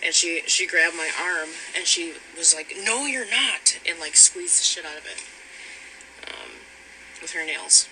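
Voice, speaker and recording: Man, rambling personal account, halting delivery, slightly high voice, noisy recording. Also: level tone. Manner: rambling, halting, with frequent fillers and restarts. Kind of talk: personal account of a past relationship. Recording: noticeable background noise.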